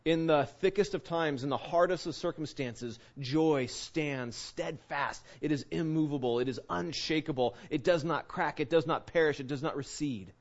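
Male Bible teacher, earnest and conversational, fairly high voice, muffled lo-fi sound. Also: normal speed, few pauses. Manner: earnest, keeps asking "right?", restarts words. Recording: dull lo-fi recording.

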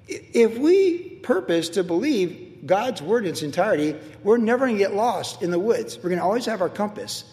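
A man's voice: sits high, a little mellow, long reverb tail. A middle-aged man preaching a sermon as pastor, emphatic and repetitive as he drives home his points.

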